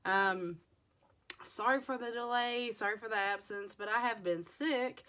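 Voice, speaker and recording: Hoarse chatty woman vlogging. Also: on the high side, unhurried, bright, forceful tone. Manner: chatty, rambling with many fillers. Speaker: beauty vlogger. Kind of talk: casual makeup haul chat.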